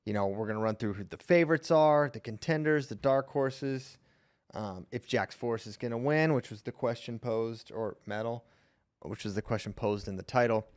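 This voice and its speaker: A man's voice: medium pitch, normal speed, darkish tone. A man hosting a casual podcast, upbeat and joking as he runs the show. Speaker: podcast host.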